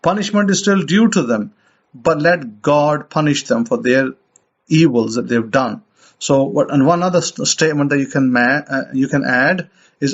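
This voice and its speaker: A man's voice: mid-range voice, moderate pace. A man preaching an informal sermon in a conversational way, often repeating and restarting his phrases. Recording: dull lo-fi recording.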